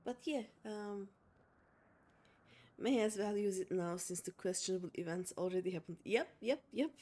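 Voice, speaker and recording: A woman's voice: medium pitch, moderate pace, dark tone. A young woman streaming a game, chatting casually to her viewers in a rambling way with many fillers and restarts. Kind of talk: casual chat while playing a game.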